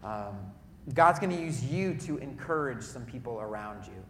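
A man preaching a sermon to a congregation in a church auditorium, telling lively stories and turning to the crowd with asides. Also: mid-range voice, normal speed, a little hiss or hum. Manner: lively storytelling with audience asides, loud bursts when acting out cheering. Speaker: pastor. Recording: echoey hall.

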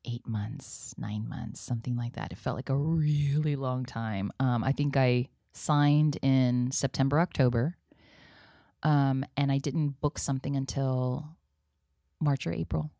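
A woman from South Texas, an acting professor and actress, telling stories in a relaxed interview and slipping in Spanish phrases. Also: a bass voice, unhurried, gravelly, no echo, studio quality. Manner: animated storyteller who drops into Spanish phrases. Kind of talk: casual conversational interview.

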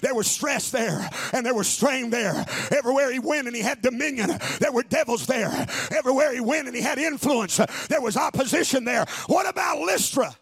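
A man preaching a sermon as an evangelist in a church, shouting in a sing-song cadence and dropping to hushed asides. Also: very high voice, animated, fairly quick, vocal fry, few pauses, breathy edge, dry recording. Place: church sanctuary.

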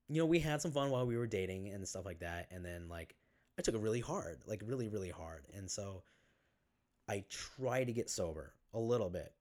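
A man, a podcast guest, telling his own story in a casual interview, halting with many fillers and restarts and casual swearing. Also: fairly low pitch, a little mellow.

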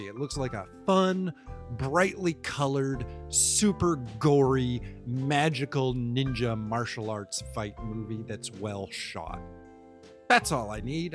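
A man hosting a casual solo show, rambling and swearing, with frequent restarts and asides to his listeners. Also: medium pitch. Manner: rambling, profane, with many restarts. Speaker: podcast host.

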